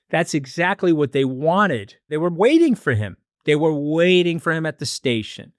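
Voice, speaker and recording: A man talking as a guest on a podcast, arguing emphatically in quick, animated bursts. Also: a little high, no echo, studio quality. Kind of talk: casual podcast discussion.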